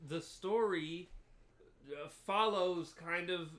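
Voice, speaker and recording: A man's voice: high voice, slow, a bit bright. A man hosting a podcast, explaining at length in a casual review chat with frequent ums. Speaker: podcast host.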